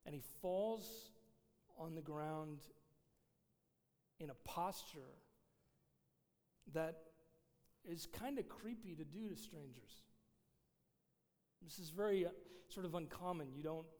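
A man's voice: on the high side, slow pace, pauses often, a little mellow. A man, a pastor giving a casual, conversational sermon with many fillers. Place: church sanctuary. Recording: long reverb of a large hall.

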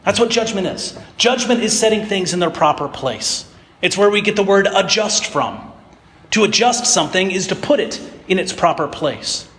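A man's voice: sits high, animated, moderate pace, a bit bright. A man giving a sermon and retelling parables in a casual storytelling way. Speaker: pastor. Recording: echoey hall reverb.

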